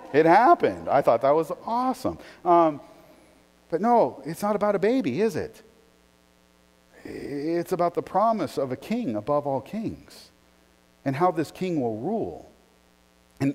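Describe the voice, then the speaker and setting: A man preaching a sermon as pastor, shifting from quiet reflection to animated, emphatic delivery. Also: fairly high pitch, in a large hall.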